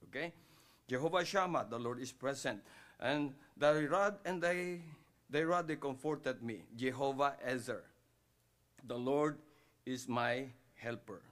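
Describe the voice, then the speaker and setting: Filipino pastor telling a sermon story. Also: male voice. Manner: switches between English and Tagalog, acts out dialogue with big pitch jumps.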